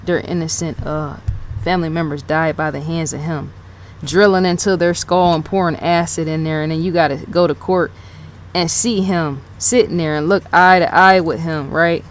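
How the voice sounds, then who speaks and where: A woman's voice: deep voice, steady tone, normal speed, a little hiss or hum. A woman giving casual unscripted commentary as a channel host, rambling, rereading her notes aloud and repeating herself, with many "yes" and "right?" fillers. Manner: fills talk with "yes", "right?" and "in fact".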